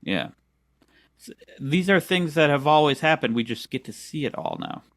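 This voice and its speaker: A man's voice: a little high, sing-song, moderate pace, vocal fry, no room sound, studio quality. A man co-hosting a podcast, playfully defensive and openly sarcastic in casual banter. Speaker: podcast co-host.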